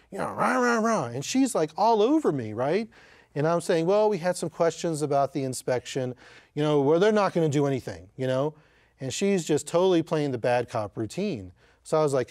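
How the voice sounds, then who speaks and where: A man's voice: medium pitch, warm tone, no room sound, studio quality. A man who works as a real estate agent gives casual career advice to newcomers, telling anecdotes in a conversational way with frequent fillers.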